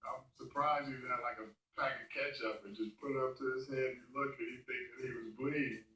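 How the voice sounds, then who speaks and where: A man's voice: mid-range voice, steady tone, brisk, pushed and bright, distant mic. A man in a documentary interview, speaking wryly. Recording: roomy, off-mic, music.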